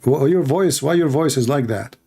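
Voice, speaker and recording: A man's voice: mid-range voice, moderate pace, gravelly, mellow, slightly rough. A man hosting a live call-in debate show in slightly broken English, mocking and taunting his callers.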